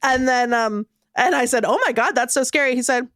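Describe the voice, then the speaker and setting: A woman co-hosting a podcast, telling a funny story in a lively, casual way and laughing as she goes. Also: a little high, fast, hardly any pauses, no room sound, clean studio sound. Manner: animated storyteller who laughs while telling. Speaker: podcast co-host.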